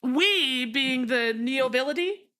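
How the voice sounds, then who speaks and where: A woman's voice: high-pitched, animated, slow pace, pushed and bright, exaggerated voice. A woman reading a probing interviewer.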